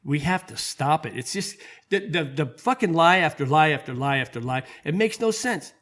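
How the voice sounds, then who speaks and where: Profane, heated podcast host. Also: male voice, fairly high pitch, expressive, normal speed, a bit bright. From United States. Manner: heated, profane, stumbling restarts. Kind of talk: casual political rant.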